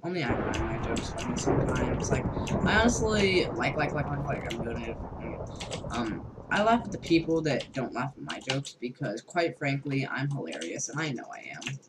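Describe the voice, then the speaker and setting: A young man rambling over a video game at his desk, sarcastic and loose, leaning on filler words and swearing. His voice sits at an ordinary male pitch. Keyboard clatter and a steady hiss of noise run under the recording. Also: normal speed. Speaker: gamer. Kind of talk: casual gameplay commentary.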